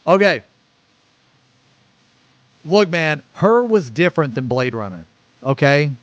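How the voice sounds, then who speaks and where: A man in his forties, a streamer chatting casually and rambling excitedly with lots of swearing. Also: fairly high pitch, takes it slowly, no room sound, highs cut off. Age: 40s. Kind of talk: casual live-stream reaction chat.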